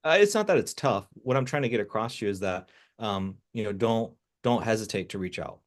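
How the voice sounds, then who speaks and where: A man coaching a client on a video call, talking directly and repeating his points so they are clear. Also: lowish voice, expressive, fairly quick. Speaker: business coach.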